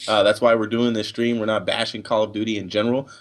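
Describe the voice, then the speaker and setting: A man's voice: lowish voice, flat delivery, fast talker. A young man hosting a casual gaming stream show, talkative, with many fillers and restarts. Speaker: podcast host.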